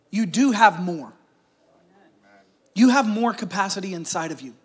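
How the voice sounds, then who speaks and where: A pastor with a high-pitched, husky voice gives a conversational sermon at his church service. He jokes and calls out to the crowd as he goes.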